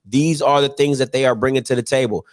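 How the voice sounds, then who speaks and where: A man hosting an online call-in show, talking in an animated, preachy and joking way full of slang. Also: mid-range voice, fast talker. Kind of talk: energetic call-in show monologue.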